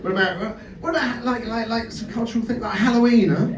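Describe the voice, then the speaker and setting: A man's voice: very high-pitched, steady tone, a little fast. A man doing a stand-up comedy set and crowd work in a club. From England. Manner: crowd work, swears freely. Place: comedy club stage with audience. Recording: distant roomy live club recording.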